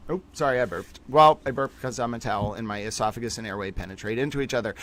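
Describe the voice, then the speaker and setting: A man's voice: mid-range voice, brisk, few pauses, a bit bright. A man hosting a long live stream, rambling playfully in mock-grand, theatrical wording, a little tired late in the session. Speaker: livestream host.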